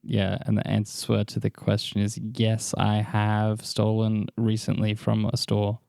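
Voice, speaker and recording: Deadpan man on a comedy podcast. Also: fairly low pitch, unhurried, vocal fry, no echo, clean studio sound. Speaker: podcast co-host. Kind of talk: improvised comedy chat.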